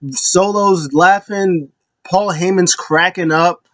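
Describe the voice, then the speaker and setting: A man's voice: medium pitch, moderate pace, dry recording. Amused rambling wrestling recap guy. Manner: rambling, amused retelling with frequent laughs. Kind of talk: casual chat.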